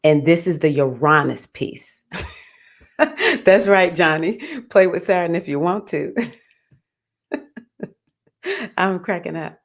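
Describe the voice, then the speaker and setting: A woman astrologer hosting a relaxed livestream. She has a low, warm-toned speaking voice and an animated, playful manner. She laughs easily and chats directly with her viewers. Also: slow pace, pauses often. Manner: animated and playful, laughs often, calls listeners "baby". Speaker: astrologer, host. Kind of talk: casual livestream talk.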